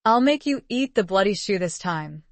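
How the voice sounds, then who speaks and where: A woman's voice: medium pitch, expressive, normal speed, no room sound, natural voice. A woman reading the lines of a teasing aristocratic male pirate captain, with a drawling, mocking manner. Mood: menacing.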